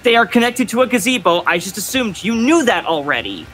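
A man's voice: high voice, sing-song, brisk, a loud crowd, rough recording. A young man coaching his father through a video game, giving directions in an insistent, lecturing way. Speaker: son coaching his dad. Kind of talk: casual gaming coaching.

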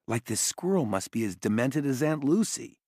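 A man's voice: mid-range voice, expressive, moderate pace, darkish tone, dry recording, studio quality, pitched above the performer's own voice. A man voicing a wary young boy. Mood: doubtful. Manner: hesitant and doubtful.

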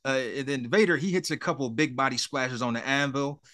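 A man's voice: mid-range voice, fast, fairly bright tone. A man co-hosting a podcast, recapping old wrestling in a laid-back, rambling way with frequent restarts. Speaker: podcast co-host. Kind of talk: casual wrestling recap chat.

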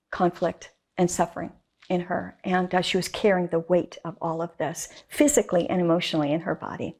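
Female guest, enthusiastic storyteller, emphatic, mid-pitched voice. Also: darkish tone. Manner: enthusiastic, emphatic, with repeated phrases. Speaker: guest artist. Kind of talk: interview storytelling.

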